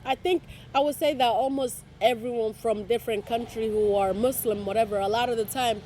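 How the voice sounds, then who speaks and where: A young woman being interviewed, talking casually and with animated storytelling. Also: fairly high pitch, a little fast, a little hiss or hum. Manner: animated storytelling with quoted voices.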